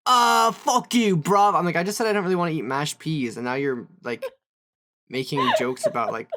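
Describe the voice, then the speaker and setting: A young woman co-hosting a podcast in casual chat, an animated storyteller who swears and mimics other people. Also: very deep voice, brisk. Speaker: podcast co-host.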